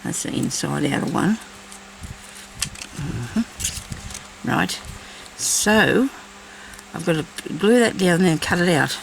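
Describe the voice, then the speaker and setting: Gravelly chatty woman crafting aloud. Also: lowish voice, expressive, slow pace, pauses often, slight background noise, rough recording. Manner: chatty, thinks aloud and talks to herself. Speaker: crafting vlogger. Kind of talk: casual crafting commentary.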